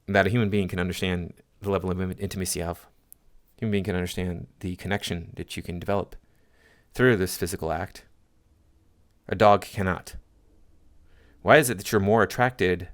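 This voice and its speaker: A man's voice: low-pitched, creaky. Scornful man reacting to posts. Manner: scornful, lecturing. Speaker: commentary channel host. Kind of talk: reading and reacting to social media posts.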